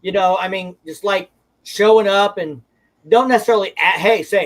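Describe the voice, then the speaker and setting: A man's voice: high voice, normal speed, rough recording. A man from the Ozarks, a motorcycle vlogger, chatting casually in a folksy, rambling way. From Ozarks, United States. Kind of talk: casual chat.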